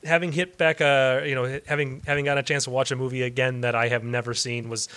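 A man's voice: medium pitch, flat delivery, fast, fairly bright tone, clean tone. A man co-hosting a casual podcast, talking in a rambling, self-deprecating way. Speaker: podcast co-host.

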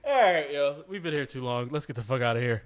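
A man's voice: mid-range voice, animated, quick pace. A man co-hosting a casual podcast, speaking in a laid-back, amused way and swearing casually. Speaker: podcast co-host. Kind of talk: casual chat.

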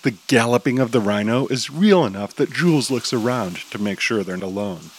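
Sex: man. Style: steady audio drama narration. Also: medium pitch, fairly quick, background noise. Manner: steady, descriptive storytelling.

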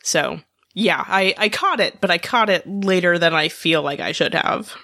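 A woman's voice: lowish voice, normal speed, bright, forceful tone, no echo, clean studio sound. A woman co-hosting a TV discussion podcast, chatting casually and reading out listener feedback. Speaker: podcast co-host.

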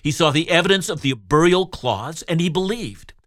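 Lively, animated male radio preacher. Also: a little high, moderate pace, dry recording, clean studio sound. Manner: expressive, rhetorical preaching with direct address to listeners. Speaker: Bible teacher. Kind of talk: radio sermon.

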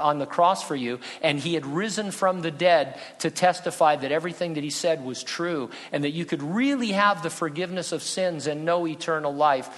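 A man's voice: fairly high pitch, a bit bright. Earnest male pastor preaching in a hall. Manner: earnest, conversational, with humor. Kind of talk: sermon. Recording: long reverb in a hall.

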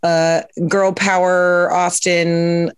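A woman's voice: lowish voice, level tone, extremely slow, clean tone, no room sound. A woman hosting a podcast in a casual, chatty way, with lots of fillers and giggles as she reads captions aloud. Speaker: podcast host. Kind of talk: casual interview chat, reading captions aloud.

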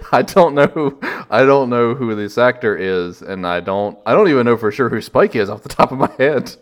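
A man's voice: mid-range voice, animated, normal speed. A man hosting a casual podcast chat, wry and joking, laughing often. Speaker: podcast host.

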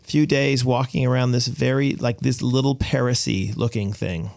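A man on a podcast, casually recounting travel stories with animated delivery. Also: mid-range voice, moderate pace, vocal fry, no echo. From United States. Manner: animated storyteller, voices quoted people. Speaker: podcast co-host. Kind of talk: casual chat, storytelling.

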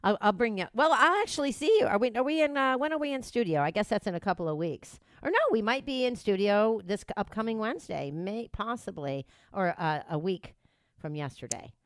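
A woman's voice: medium pitch, expressive, a little fast, no echo. A woman hosting a radio show, chatting casually, laughing often and rambling. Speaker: radio host.

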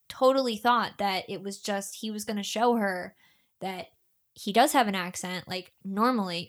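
A young woman who narrates audiobooks, chatting casually with many filler words. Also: mid-range voice. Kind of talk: casual chat.

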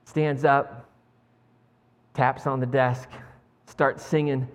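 A male pastor preaching a sermon, retelling a story in an animated way with frequent chuckles. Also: mid-range voice, takes it slowly. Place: church. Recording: long church reverb, faint music.

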